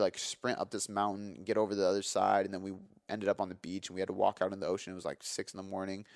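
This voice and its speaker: Man, 30s, podcast host, low-pitched, energetic storytelling, emphatic, casual profanity, dry close sound. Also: dry recording. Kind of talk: candid storytelling.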